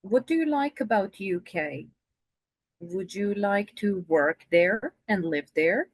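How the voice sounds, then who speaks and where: A woman's voice: medium pitch, animated, slow, no echo. A woman teaching English in a video-call conversation lesson, patient and encouraging.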